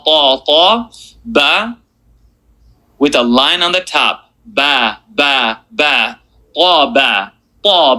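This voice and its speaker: Bright-voiced man teaching letter sounds. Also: on the high side, low-quality recording. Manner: encouraging, drills sounds slowly letter by letter. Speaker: Quran reading teacher. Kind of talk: beginner reading lesson.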